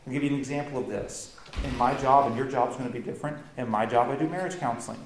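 A man's voice: medium pitch, quick pace, echoey room, slight background noise, poor audio. A man preaching a sermon as pastor, earnest and emphatic, building intensity as he makes his points.

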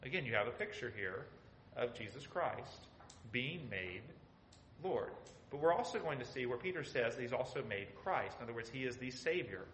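A man's voice: medium pitch, expressive, moderate pace, fairly bright tone, echoey room, a little hiss or hum, low-quality recording. A man teaching a Bible study, speaking emphatically and asking his listeners rhetorical questions.

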